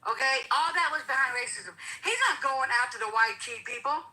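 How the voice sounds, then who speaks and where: A woman with a high, very bright voice delivers heated political talk. She preaches and repeats herself for emphasis. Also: a little fast, low-quality recording. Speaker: guest commentator.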